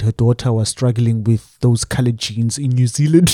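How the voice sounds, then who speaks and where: A young man with a South African accent telling a personal story in a lively, laughing, chatty way. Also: medium pitch, normal speed, few pauses, dry recording, clean studio sound. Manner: animated, mixing English with local phrases, laughs through the telling. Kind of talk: casual storytime monologue.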